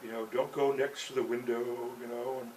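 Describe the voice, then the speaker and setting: A man's voice: mid-range voice, level tone, fairly quick, a little mellow, slight background noise. Guy rambling thru a story, lots of "you know", kinda far from the mic, faint bug buzz behind. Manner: loose, chatty, peppered with "you know" and chuckles. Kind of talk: rambling personal anecdote.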